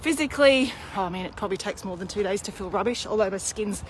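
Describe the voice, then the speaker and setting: A woman's voice: mid-range voice, fast, a little hiss or hum. A woman in her thirties, out of breath, chatting candidly in a live video while pushing a pram uphill outdoors. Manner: chatty, candid, self-deprecating. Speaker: vlogger. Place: outdoors on a hilly street.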